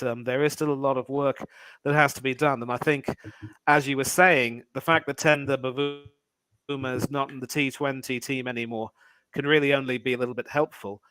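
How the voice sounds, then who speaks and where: A man talking as a guest on a sports chat, giving measured analysis hedged with fillers. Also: medium pitch, fairly even intonation, fairly bright tone, no room sound, rough recording. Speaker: guest cricket commentator. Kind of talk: casual sports podcast chat.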